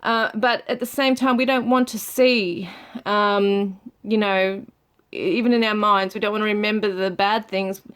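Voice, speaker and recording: A woman giving a gentle tarot reading to her viewers, soft and soothing, with frequent fillers. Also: medium pitch, fairly even intonation, a little slow, clean tone. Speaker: tarot reader.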